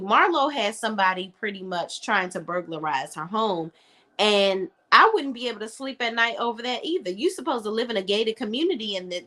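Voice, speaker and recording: Woman reality TV reviewer, mid pitch, candid and chatty. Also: bright, forceful tone. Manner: blunt, chatty, opinionated. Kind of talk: casual chat recap.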